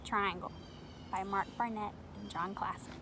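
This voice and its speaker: A woman reading a picture book aloud to children at home, gentle and expressive, talking straight to her young viewers. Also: mid-range voice, moderate pace, heavy background noise.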